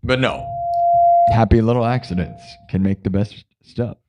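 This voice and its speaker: A man's voice: fairly low pitch, normal speed, very noisy. A man hosting a live music stream, chatting casually, goofing around and reading viewer comments aloud. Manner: goofy, joking, reads viewer comments aloud. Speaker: livestream host and improvising musician. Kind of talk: casual livestream chat.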